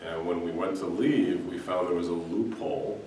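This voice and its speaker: Very deep-voiced man teaching in an echoey hall. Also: normal speed, mellow, a little hiss or hum. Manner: earnest, storytelling with many restarts. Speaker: Sufi teacher. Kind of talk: spiritual talk to a gathering. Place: hall in front of an audience. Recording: echoey room, voice from a distance.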